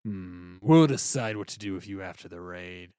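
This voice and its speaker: A man voicing a stern male vice admiral who speaks low and with measured menace. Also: dark tone, smooth, dry recording, clean studio sound, close to an everyday voice. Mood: menacing.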